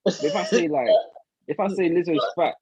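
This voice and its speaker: A man's voice: fairly high pitch, a little fast, a little mellow, slightly rough, dry recording. A man, ranting in casual podcast chat and stumbling over restarts. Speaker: podcast co-host.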